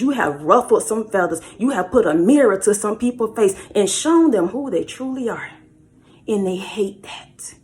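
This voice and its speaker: An emphatic woman preaching encouragement to her online viewers, her voice sitting at an ordinary middle pitch for a woman. She leans on repetition, addressing the listener as if speaking straight into their life, and swings between loud, rising declarations and quiet, hushed asides. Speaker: spiritual channel host. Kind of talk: motivational preaching to camera.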